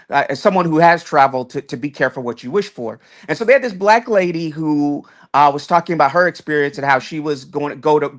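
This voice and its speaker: Rambling man with restarting sentences. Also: a bit bright. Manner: rambling, many restarts, swinging pitch when stressing points. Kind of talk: casual podcast chat.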